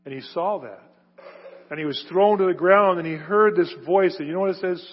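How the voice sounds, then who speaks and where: Husky-voiced preacher in a reverberant hall. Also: male voice, a little fast. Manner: emphatic, builds to loud stressed phrases then drops low. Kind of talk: sermon. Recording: reverberant hall, dull lo-fi sound.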